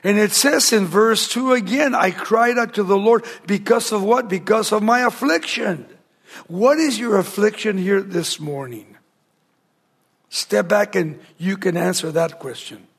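A man preaching a sermon to a congregation, asking rhetorical questions and dropping to a hushed near-whisper for emphasis. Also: high-pitched, unhurried, slightly rough. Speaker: pastor.

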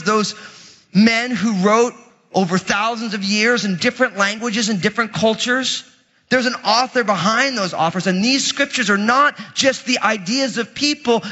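A man with a high, bright, forceful voice preaches a lively, conversational sermon full of dramatic asides. His voice rings with a long reverb, as if he is in a large hall. The recording sounds dull and lo-fi. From Italian heritage. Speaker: pastor.

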